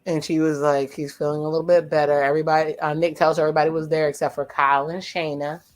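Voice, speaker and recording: Her voice is low and level, and she talks fast while hosting an informal watch-along. Chatting in slang, she relays what the people on a reality show are saying and tosses blunt remarks to her viewers.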